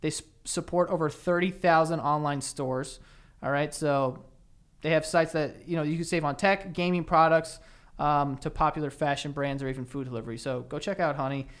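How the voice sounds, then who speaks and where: A young man co-hosting a podcast, talking in a loose, rambling way. His voice sits a little high. He laughs easily and keeps the chat casual. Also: fairly even intonation, moderate pace, clean tone. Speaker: podcast co-host.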